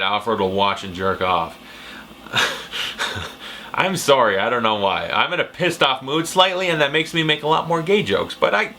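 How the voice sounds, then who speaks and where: A man's voice: on the high side, pushed and bright, slight background noise. A man giving a casual, profane, ranting movie review. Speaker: film reviewer.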